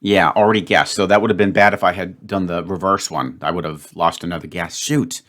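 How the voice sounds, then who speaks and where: Hosting his own puzzle channel, a man thinks aloud while solving a word game, grumbling and muttering at himself in frustration. His voice is low and fairly bright, with fairly even intonation and a fairly quick pace.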